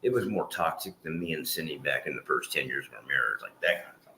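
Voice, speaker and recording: Very deep and expressive, with vocal fry, his voice moves at a quick pace over background noise. The middle-aged man rambles on a livestream with his dogs, swearing offhandedly and sometimes turning to loud scolding or prayer.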